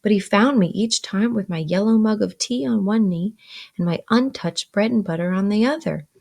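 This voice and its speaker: A woman's voice: medium pitch, moderate pace, creaky, a little mellow. A woman teacher reading a novel aloud and stopping to explain vocabulary, with frequent ums.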